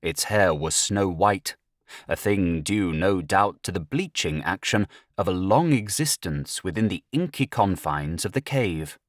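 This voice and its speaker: Deep-voiced guy reading a spooky audiobook, super expressive swings, dry close sound. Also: measured pace, no room sound. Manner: dramatic, rises sharply at tense moments. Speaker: audiobook narrator. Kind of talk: scripted first-person narration.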